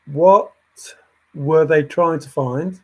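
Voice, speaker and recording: A man's voice: a little high, slow pace, dark tone. A man hosting a livestream, thinking aloud in a rambling way and answering chat comments as they come in. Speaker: livestream host.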